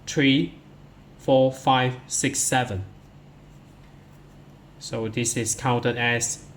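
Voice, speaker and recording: A man's voice: mid-range voice, slight background noise. A man teaching English to pupils, walking through workbook answers step by step and counting syllables aloud one at a time. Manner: addresses pupils directly, starts many lines with "so".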